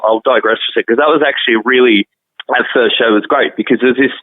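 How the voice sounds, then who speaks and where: A man's voice: mid-range voice, no echo. Man on a tinny call line. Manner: rambling, many restarts and fillers. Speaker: musician guest. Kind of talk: casual interview chat. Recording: tinny phone-like call audio.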